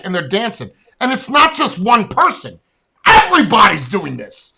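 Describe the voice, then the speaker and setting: Blunt, profane man ranting with a lively voice. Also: high-pitched, normal speed, creaky, husky. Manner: profane, blunt, animated storytelling. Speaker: podcast host. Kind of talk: casual podcast rant.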